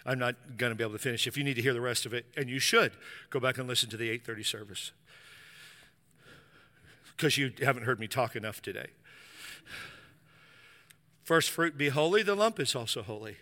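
Male pastor, sermon, animated storytelling, long hall reverb. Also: mid-range voice, fast talker, long pauses. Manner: animated storytelling, acting out quoted voices.

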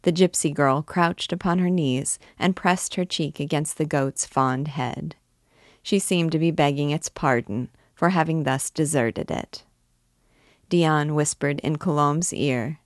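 A woman reading a classic novel aloud in a measured, expressive storytelling manner. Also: sits low, no room sound, studio quality. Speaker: reader.

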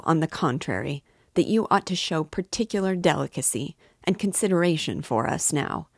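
A woman's voice: fairly low pitch, a little mellow, no echo, studio quality, pitched above the performer's own voice. A woman reading the part of an indignant older mother who reproaches a suitor heatedly.

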